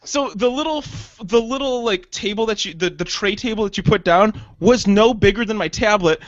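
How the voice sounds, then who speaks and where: A man's voice: sits high, normal speed, no echo, muffled recording. A man co-hosting a comedy podcast, telling a long profane anecdote with frequent laughter. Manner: profane rambling storyteller, laughs often. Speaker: podcast co-host. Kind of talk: casual comedic chat.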